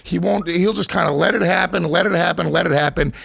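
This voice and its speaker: A man's voice: high voice, quick pace, creaky, fairly bright tone, slightly rough, no echo. A man hosting a podcast in a studio, ranting through profane stories in casual banter. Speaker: podcast host. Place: radio studio.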